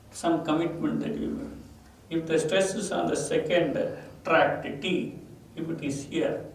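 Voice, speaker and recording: A man's voice: a little high, creaky, recorded from a distance. A man with an Indian English accent, teaching a vocabulary lesson and repeating each word and its meaning with stress. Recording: echoey room, voice off-mic, faint ambient noise.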